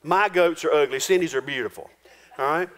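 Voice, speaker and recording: A male pastor preaching a sermon in a folksy, homespun way, dropping low and quiet for solemn points. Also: fairly quick. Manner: folksy, homespun preaching with rural turns of phrase.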